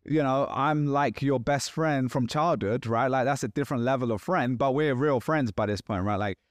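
A man's voice: mid-range voice, normal speed, dry recording, studio quality. A man co-hosting a podcast in casual chat, talking animatedly and acting out quoted exchanges. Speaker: podcast co-host.

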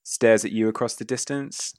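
A man's voice: fairly low pitch, steady tone, normal speed, a little mellow, no room sound, clean studio sound. A man narrating a western tabletop game as game master, describing scenes loosely with many fillers.

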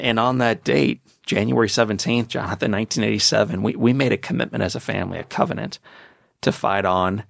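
A man's voice: mid-range voice, gravelly, no echo, studio quality. A man in his forties telling his story as a podcast guest, with an emphatic, preacher-like motivational delivery.

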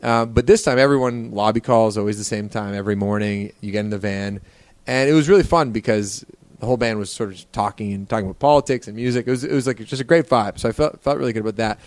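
A man's voice: on the low side, fast talker, no room sound. A man talking on a podcast with friends, telling long, rambling tour stories and acting out other people's lines. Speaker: podcast co-host and touring musician. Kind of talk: casual podcast chat.

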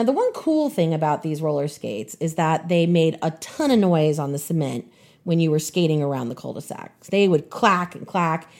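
A woman in her fifties hosting a podcast, telling a personal story in an expressive way. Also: on the low side.

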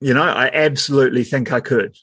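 NZ male co-host, husky, dry close sound, chatty and rambling. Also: medium pitch, a little fast, fairly bright tone, no room sound. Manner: rambling, self-interrupting, laughs often. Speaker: podcast co-host. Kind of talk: casual chat.

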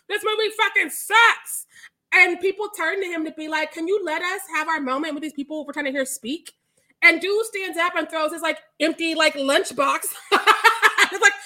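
A woman with a high, bright voice co-hosts a casual podcast chat. She tells stories animatedly, swearing freely and piling on the details. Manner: animated, profane storytelling with laughs. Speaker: podcast co-host.

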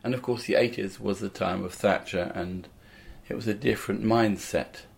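Older male comedian guest, lowish voice, rambling and anecdotal. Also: steady tone, normal speed, vocal fry. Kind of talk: casual interview chat.

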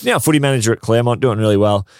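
A man's voice: mid-range voice, racing, smooth, no echo, studio quality. An Australian man as a podcast guest, telling stories casually and laughing at them. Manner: storytelling, laughs at his own stories. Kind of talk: casual chat.

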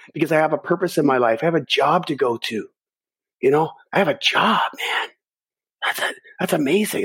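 A middle-aged man, a podcast guest, telling a personal story in a lively way and acting out his own thoughts. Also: on the high side, gravelly, slightly rough.

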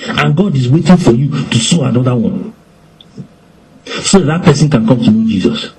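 A man preaching with animated delivery, acting out quoted lines in shifting voices. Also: mid-range voice, moderate pace, low-quality recording. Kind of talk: lively preaching in conversation.

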